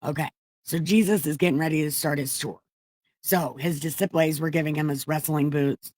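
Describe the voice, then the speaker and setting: A woman's voice: deep voice, fairly even intonation, moderate pace, darkish tone, no room sound. A woman reading scripture aloud for comedy, breaking off into profane, mocking asides and interrupting herself as she goes. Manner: loose, self-interrupting delivery. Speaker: comedic Bible reader. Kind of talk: irreverent scripture reading with commentary.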